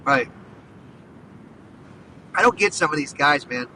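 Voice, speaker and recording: A man hosting a casual sports podcast, talking in an excited, rambling way full of "dude" and "like.". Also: a little high, takes it slowly, distant mic, slight background noise, low-quality recording. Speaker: podcast host.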